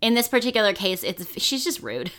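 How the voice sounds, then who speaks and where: A young woman co-hosting a podcast in casual chat, blunt, profane and animated. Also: fairly high pitch, fairly quick. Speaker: podcast co-host.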